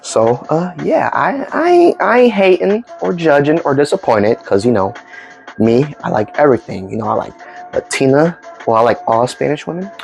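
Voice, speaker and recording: A man's voice: on the high side, normal speed, vocal fry, faint music behind. A man casually telling funny stories from his day to his followers, rambling and acting out the dialogue. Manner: rambling, animated, acts out dialogue. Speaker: storytime vlogger. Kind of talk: casual storytelling.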